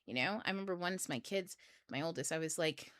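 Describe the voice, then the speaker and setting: Middle-aged woman, casual blunt host who curses and laughs a lot; bright, edgy tone, dry recording. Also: low-pitched, brisk, no room sound. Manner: blunt, profane, laughs often. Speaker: book club host. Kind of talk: casual livestream talk.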